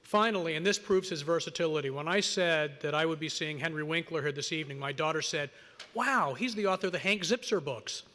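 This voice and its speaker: A man giving a prepared, measured introduction of the evening's host at an awards event. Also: on the high side, bright, forceful tone. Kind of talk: formal read introduction. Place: large hall at an awards ceremony. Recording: long reverb of a large hall.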